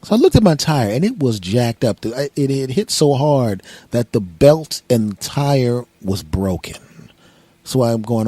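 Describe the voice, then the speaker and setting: A man's voice: mid-range voice, sing-song, measured pace, dark tone, slightly rough, no echo. Rambling comedic man from Philadelphia. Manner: rambling, self-mocking storyteller with voiced asides. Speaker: podcast host. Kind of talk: comedic monologue.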